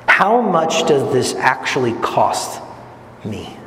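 Earnest preacher in an echoey hall. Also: male voice, lively intonation, a little slow. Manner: earnest, rising to emphatic peaks then dropping low and quiet; gestures while speaking. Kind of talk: sermon. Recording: echoey hall with long reverb, faint noise.

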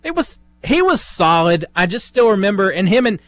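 A man co-hosting a radio talk show, telling stories in a halting way while searching for words. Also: high-pitched, very animated. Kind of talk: casual talk radio banter. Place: radio studio.

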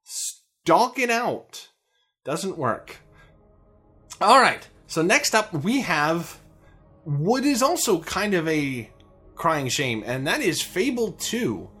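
Man, podcast co-host, casual chat, jokey, rather high voice, very lively intonation. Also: slow pace, breathy edge, faint music behind. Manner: animated and jokey, with fillers and laughs.

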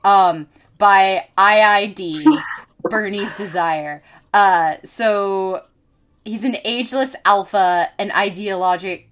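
Woman host reading an article out loud, lots of ums, restarts, mid-pitch ordinary voice. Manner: halting, lots of ums and self-corrections. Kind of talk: reading an article aloud, casual chat.

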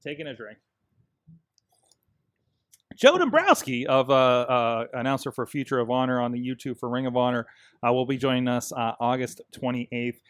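A man's voice: medium pitch, level tone, brisk, dry recording, clean studio sound. A man co-hosting a casual wrestling podcast, rambling with lots of fillers and restarts. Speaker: podcast co-host.

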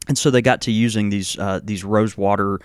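A man's voice: lowish voice, fairly even intonation, clean tone, dry recording, studio quality. A man hosting a casual podcast, explaining at length with frequent fillers and restarts, and chuckling often. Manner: halting, many fillers and restarts. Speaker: podcast host.

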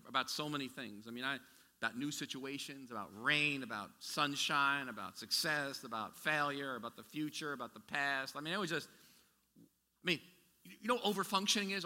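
A man's voice: fairly high pitch, bright, forceful tone. A man preaching a sermon as pastor, talking in a conversational way with many restarts and asides. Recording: echoey hall with long reverb.

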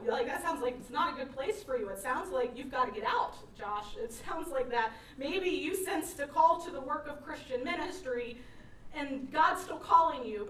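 A woman's voice: high-pitched, a bit bright, slight background noise. A woman pastor preaching a sermon, telling a story earnestly and often restarting her sentences. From Virginia, USA. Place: church sanctuary. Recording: echoey church room, mic from a distance.

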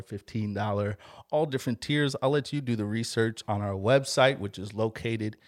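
A man co-hosting a podcast in casual chat, reading out listener shout-outs and plugs. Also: lowish voice, dry recording, clean studio sound. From Chicago area. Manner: reads listener shout-outs hyped, like a strip-club announcer. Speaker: podcast co-host. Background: music.

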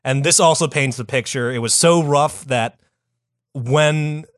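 A man's voice: fairly high pitch, unhurried, dry recording. A young man co-hosting a comedy podcast, telling a history story in a casual, profane, laid-back way. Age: young adult.

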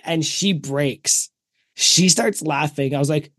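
A man hosting a podcast, telling relaxed stories and laughing as he goes. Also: fairly high pitch, unhurried, dry recording, clean studio sound. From Canada. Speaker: podcast host. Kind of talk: casual podcast chat.

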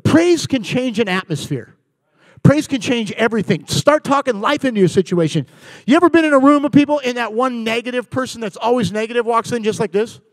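A man in his forties preaches with a high, bright-pitched voice that is recorded dry and close, with little room sound. He acts out voices in his stories, swinging from playful to hushed and earnest. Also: animated, brisk, no room sound. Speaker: pastor. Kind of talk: sermon. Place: church.

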